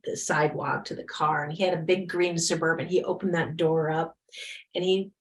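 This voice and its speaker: A woman guest on a podcast telling a story in a lively way and acting out the dialogue. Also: sits low, normal speed, roomy sound. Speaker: guest speaker.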